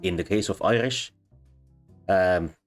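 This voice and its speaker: A man explaining sound changes as a lecturer, pausing often with ums and uhs. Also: low-pitched. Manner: halting, many ums and uhs. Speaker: linguistics lecturer. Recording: faint background music.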